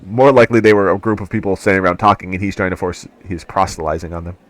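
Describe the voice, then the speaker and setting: A man's voice: deep voice, steady tone, rapid-fire. A man hosting a let's play, narrating game text with casual wry asides. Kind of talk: game playthrough with read-aloud narration.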